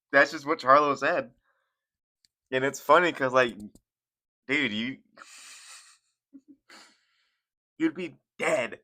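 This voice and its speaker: A man's voice: mid-range voice, bright, forceful tone. A young man hosting casual, profane reaction commentary on fight sports, rambling and laughing as he goes. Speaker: commentary channel host.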